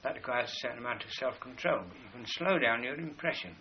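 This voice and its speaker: A man's voice: medium pitch, animated, quick pace. A man giving a rambling philosophical lecture, pointing to drawings as he explains. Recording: dull lo-fi recording with faint hiss.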